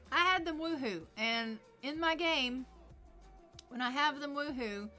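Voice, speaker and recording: A woman's voice: high voice, slow pace, pushed and bright, soft background music. A woman streaming a life-sim game, chatting casually with her viewers and her sims.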